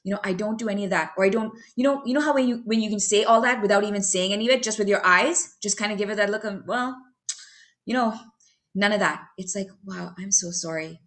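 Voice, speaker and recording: A young adult woman giving a heartfelt, halting personal testimony about her recovery, full of fillers and restarts. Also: medium pitch, steady tone, fairly bright tone. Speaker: recovery speaker sharing her story.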